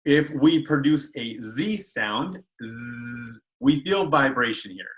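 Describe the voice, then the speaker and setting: A man's voice: medium pitch, expressive, a little slow, fairly bright tone, rough recording. A man speech therapist teaching children how to make speech sounds in a video lesson, carefully modeling each sound. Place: school.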